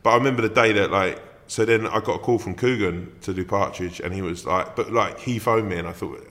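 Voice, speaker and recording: A comedian and actor chatting as a podcast guest, telling stories animatedly and swearing freely. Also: male voice, fairly low pitch, fairly quick, a bit bright. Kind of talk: casual podcast chat.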